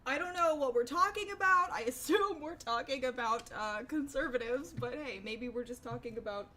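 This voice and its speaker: A woman's voice: high voice, normal speed, sharp tone, a little hiss or hum. A young woman chatting casually with her stream viewers, rambling and swearing freely. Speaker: livestreamer.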